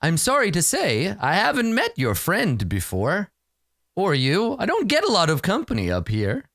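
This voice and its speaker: A man voicing a gentle captive unicorn that speaks in a soft, courteous, wistful way. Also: high-pitched, wildly swooping pitch, moderate pace, no echo, clean studio sound, voice pushed up, exaggerated voice.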